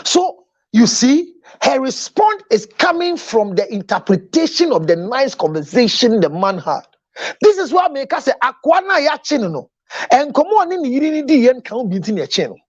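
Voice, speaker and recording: A man's voice: very high-pitched, very animated, moderate pace, no echo, dull audio. A man with a Ghanaian English accent giving dramatic counseling talk, switching between English and Twi and acting out the people in his stories. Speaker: relationship counselor and show host.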